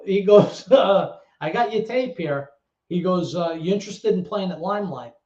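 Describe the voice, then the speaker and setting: A middle-aged New man tells his stories with animated, streetwise energy, slipping into other people's voices and swearing freely. His voice sits a little high for a man. The recording is roomy and echoey, with a dull, lo-fi sound. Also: normal speed. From the Bronx, New York. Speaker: guest, former actor and DJ. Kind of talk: casual storytelling interview.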